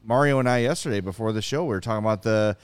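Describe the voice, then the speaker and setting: A man hosting a casual sports talk show, ranting in an animated, exasperated way and reading out viewer comments. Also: fairly low pitch, rapid-fire, smooth, no room sound. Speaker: podcast host.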